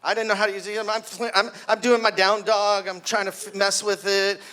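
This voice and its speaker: A man's voice: high-pitched, a little fast. A man in his sixties telling a stand-up story at his own birthday party, acting out the screams and voices of the people in it. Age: 60s. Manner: animated storytelling, acts out screams. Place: party hall with guests.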